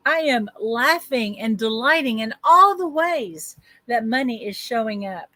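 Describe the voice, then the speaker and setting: A woman life coach leading a guided affirmation session on a group call, speaking slow, drawn-out affirmations with repeated phrases. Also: a little high, expressive, pushed and bright, no echo.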